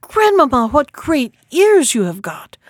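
A woman voicing an innocent, trusting little girl in a storybook reading, with a high, wondering voice. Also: very animated, dry recording, clean studio sound. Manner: high, wondering, drawn-out questions.

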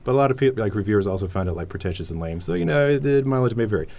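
A man's voice: fairly low pitch, lively intonation, racing, creaky, warm tone. A man hosting a casual library podcast, chatting in a rambling, enthusiastic way full of fillers. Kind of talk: casual chat.

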